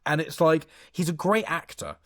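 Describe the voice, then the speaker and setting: A man chatting casually about a film on a podcast, rushing between thoughts and swearing freely. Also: fairly high pitch, dry recording, clean studio sound. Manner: rapid, animated, swearing, jumps between thoughts. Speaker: podcast co-host. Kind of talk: casual film-review chat.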